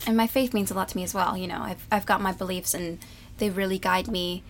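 A woman's voice: mid-range voice, steady tone, quick pace, slight background noise. A young woman, a stage actress, chatting candidly in an interview and laughing easily. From United States. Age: young adult. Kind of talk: casual interview chat.

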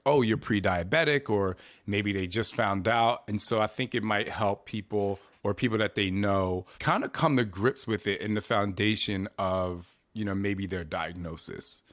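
A male host with a deep voice sets up a question at length, in a relaxed, conversational way. The recording is dry and close, with almost no room sound. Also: no echo. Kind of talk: casual interview.

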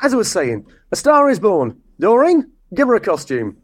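A man's voice: high-pitched, wildly swooping pitch, normal speed, exaggerated voice. A man playing a harried, exasperated man directing a village nativity play in an audio comedy. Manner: brusque and exasperated.

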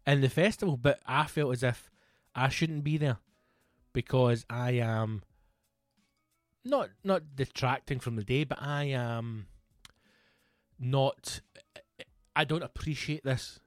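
Podcast co-host, Scottish man in his mid-thirties, sweary, rambling storyteller, mid-pitched voice, dry close-miked sound. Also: slow, long pauses, no echo, faint music behind. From Scotland. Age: 30s. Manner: swears freely, rambling anecdotes with quoted voices. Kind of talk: casual storytelling chat.

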